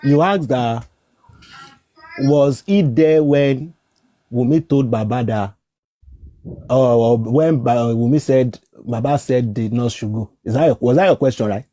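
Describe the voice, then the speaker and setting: A man's voice: medium pitch, measured pace, dark tone, no room sound. A Nigerian man arguing heatedly in a livestream debate, repeating himself and slipping into Pidgin and Yoruba. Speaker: livestream panelist.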